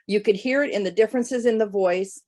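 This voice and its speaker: A woman's voice: medium pitch, brisk, darkish tone. A woman giving formal spoken feedback at a club meeting.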